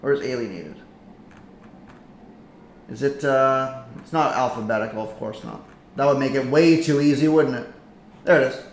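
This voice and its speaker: A man hosting a live stream in casual commentary, chatty and excitable as he reacts to a game. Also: medium pitch, moderate pace, pauses often. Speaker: livestream host. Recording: echoey room with faint noise.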